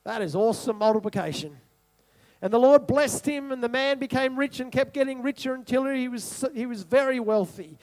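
Male pastor, very high voice, repetitive rhetorical sermon delivery. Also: brisk. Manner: repetitive rhetorical preaching, asks the congregation questions.

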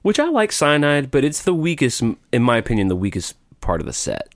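A man co-hosting a podcast in casual chat, animated, swearing casually and laughing often. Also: medium pitch, a little fast, no echo, clean studio sound. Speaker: podcast co-host.

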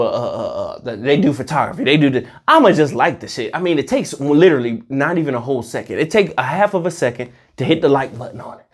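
A vlogger delivering a heated, profane monologue that swings between loud outbursts and muttered asides. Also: medium pitch, slightly rough. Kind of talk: ranting monologue to camera.

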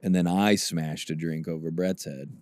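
A man co-hosting a podcast, chatting casually and riffing with quick jokes and silly bits. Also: very deep voice, steady tone, a little mellow, no room sound, studio quality. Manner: jokey, riffs with quick bits and silly voices. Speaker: podcast co-host. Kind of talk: casual chat.

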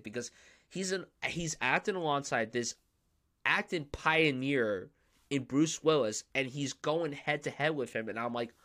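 In casual film discussion on his podcast, a young male host speaks at medium pitch and normal speed with a fairly bright tone. He's enthusiastic and emphatic throughout.

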